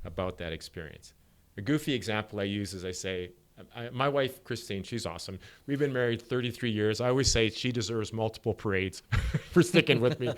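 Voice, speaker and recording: A middle-aged man with a somewhat low voice speaks as a sport psychologist guest on a podcast. He explains ideas through animated stories, acting out the dialogue as he goes. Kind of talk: podcast interview.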